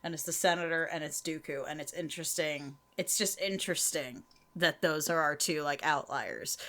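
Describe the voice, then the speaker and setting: A woman co-hosting a podcast in casual chat, chatty and laughing often with animated asides. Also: low-pitched. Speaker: podcast co-host.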